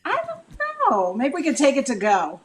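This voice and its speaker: Easygoing high-voiced woman. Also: big pitch swings, moderate pace. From Chicago area. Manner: brief, easygoing replies. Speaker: communication and relationship expert guest. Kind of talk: casual chat.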